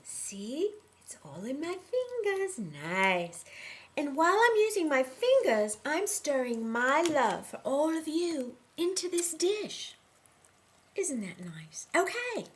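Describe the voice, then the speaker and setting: A woman's voice: extremely high pitch, sing-song, a little slow. A woman clowning her way through a mock cooking demonstration, playful and teasing in a sing-song way. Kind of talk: mock cooking show comedy.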